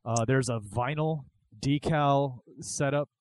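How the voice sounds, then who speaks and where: A man's voice: mid-range voice, fairly even intonation, takes it slowly. A man hosting a podcast, chatting loosely and joking while he steers the talk. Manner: joking and loose, runs the conversation. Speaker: podcast host. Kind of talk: casual chat. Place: convention hall booth.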